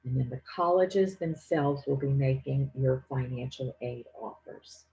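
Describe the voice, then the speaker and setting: A woman giving a financial aid presentation, explaining each step clearly and patiently. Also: rumbling low, fairly even intonation, unhurried, warm tone, highs cut off. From Louisiana. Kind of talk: instructional presentation.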